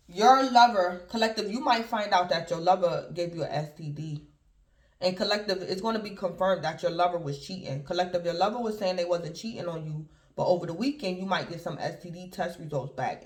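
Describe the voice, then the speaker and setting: A man giving a casual, rambling tarot reading to his viewers, addressing them again and again as "collective". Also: sits high. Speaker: tarot reader. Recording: roomy echo.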